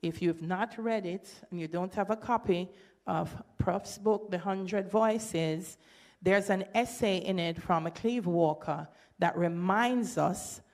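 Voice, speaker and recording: A woman with a Jamaican accent giving an academic presentation at a symposium, breaking into lively patois quotes. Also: on the low side. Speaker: symposium speaker. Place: lecture hall.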